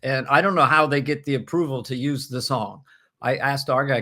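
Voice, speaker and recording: A man in his seventies, a comedian guest, chatting in a halting way with many restarts and frequent laughs. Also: mid-range voice, steady tone, bright, forceful tone. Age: 70s. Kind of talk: casual interview chat.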